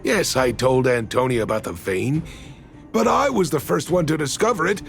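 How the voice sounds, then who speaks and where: An actor voicing a gruff, stubborn middle-aged father who leads miners in a game. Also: mid-range voice, moderate pace, fairly bright tone, faint music behind. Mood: defiant. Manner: defensive, gruff. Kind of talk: game voice acting.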